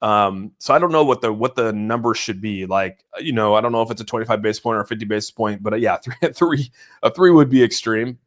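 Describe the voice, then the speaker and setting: A man hosting a casual crypto livestream, rambling excitedly about the markets, often saying "dude" and greeting viewers from the chat. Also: on the low side, quick pace. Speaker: crypto channel host.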